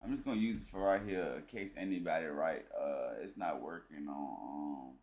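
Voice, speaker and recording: A man's voice: very deep voice, moderate pace, darkish tone, echoey room. A man muttering to himself while fiddling with a livestream setup, distracted and profane. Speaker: livestream host setting up stream. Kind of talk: muttered casual talk to himself.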